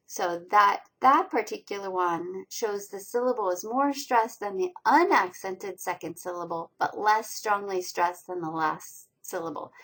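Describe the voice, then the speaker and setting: A woman teaching college reading skills over slides, explaining pronunciation and stressing each syllable with slow, deliberate enunciation. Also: on the high side, fairly bright tone, rough recording. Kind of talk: recorded lecture over slides.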